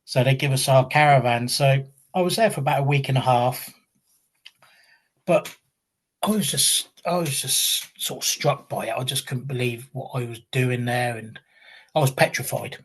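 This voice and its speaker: A husky-voiced man in his fifties from England tells his stories in a loose, rambling way. He restarts his sentences often and makes fun of himself as he goes, in easy conversation. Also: medium pitch, moderate pace. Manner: rambling, self-deprecating anecdotes with repeated restarts. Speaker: guest, retired pro wrestler. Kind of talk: conversational storytelling.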